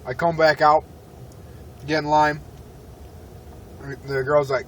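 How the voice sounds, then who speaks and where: Man, high voice, irritated swearing rant, rambling, faint car noise behind. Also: level tone, slow, long pauses, distant mic. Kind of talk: profane ranting story vlog.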